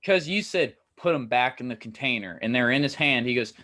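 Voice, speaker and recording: A man's voice: mid-range voice, expressive, fairly quick, bright, forceful tone. A young man co-hosting a podcast, telling a story animatedly and acting out what people said, with laughs. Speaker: podcast co-host. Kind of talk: casual storytelling.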